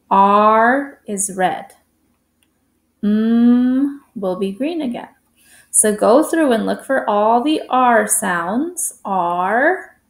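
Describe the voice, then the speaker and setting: Slow, gravelly woman teaching phonics. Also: mid-range voice, echoey room. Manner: slow, drawn-out, sounding out letters. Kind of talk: slow phonics lesson for young children.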